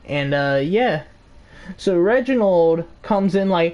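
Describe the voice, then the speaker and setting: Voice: mid-range voice, lively intonation, takes it slowly, darkish tone. A storyteller telling a story in a casual, rambling way, swearing and full of fillers.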